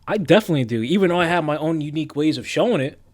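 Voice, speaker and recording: A man's voice: on the high side, animated, very fast, no room sound. A young man on a live stream, chatting casually and rambling in a laid-back, slangy, self-mocking way as he reads quiz questions aloud.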